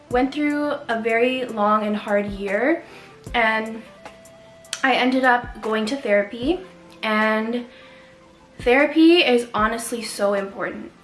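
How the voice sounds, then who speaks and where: A young woman from Canada, vlogging to camera and telling her own story in an earnest, candid way with soft pauses. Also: medium pitch. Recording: echoey room with faint music.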